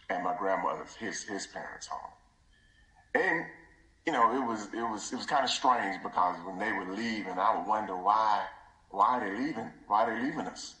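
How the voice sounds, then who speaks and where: A man's voice: lowish voice, pushed and bright. A man giving a tribute at his father's funeral in a church, his voice often breaking and falling to a near whisper. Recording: echoey church room.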